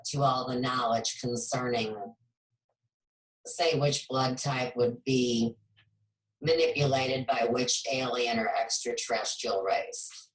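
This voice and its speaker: A woman hosting a spiritual talk show, speaking in a slow, measured, reflective way. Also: a bass voice. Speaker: host. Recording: echoey room, far from mic.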